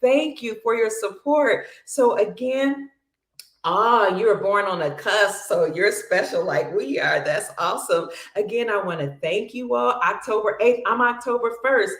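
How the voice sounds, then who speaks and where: A woman hosting a livestream, chatting casually and warmly thanking viewers by name, calling them honey, sister and family, long-winded and bubbly. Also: medium pitch, measured pace, echoey room. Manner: effusive and affectionate, calls viewers honey, sister, brother and family. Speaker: livestream host. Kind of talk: casual livestream chat reading viewer comments.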